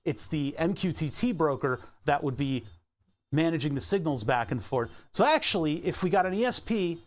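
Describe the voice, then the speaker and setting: A man with a slightly raised pitch chats casually on a live stream. He thinks aloud, rambles from idea to idea and laughs often. He keeps talking while he pedals an exercise bike. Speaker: Twitch streamer.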